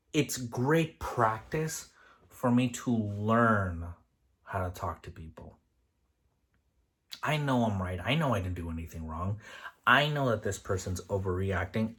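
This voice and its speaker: A man's voice: medium pitch, a bit bright, slightly rough. A man in his thirties, a kitchen lead, talking candidly in a casual vlog with rambling restarts. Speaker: line cook and kitchen lead.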